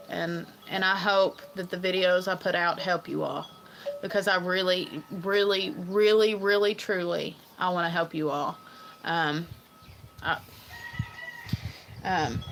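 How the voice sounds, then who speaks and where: A woman hosts her own livestream in a bright, forward voice, speaking in earnest and often restarting her sentences between ums. She talks casually and directly to her viewers, with faint noise behind her. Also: on the low side, poor audio. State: tearful at times. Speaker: livestream host. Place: farm home.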